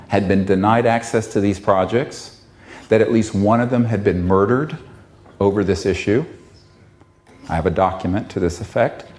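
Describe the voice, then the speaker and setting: Man, public speaker, passionate, emphatic, lively pitch. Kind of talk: impassioned public talk.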